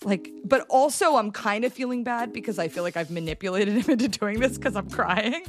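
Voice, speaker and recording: A woman telling a personal story in an interview, animated and halting, acting out what people said. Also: mid-range voice, soft background music. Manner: animated, halting with restarts, acts out quotes. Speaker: storyteller guest.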